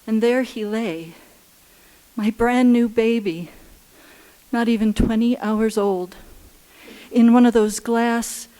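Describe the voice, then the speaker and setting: A woman telling a personal story live on stage at a story slam, earnest and unhurried, with halting restarts. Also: a little high, fairly even intonation, warm tone.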